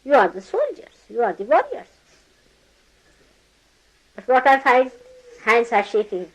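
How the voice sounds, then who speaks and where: A woman's voice: a little high, big pitch swings, a little slow, long pauses, poor audio. A woman speaking as a spiritual teacher in an informal talk to her followers, teasing and scolding them with laughter and acting out quoted voices.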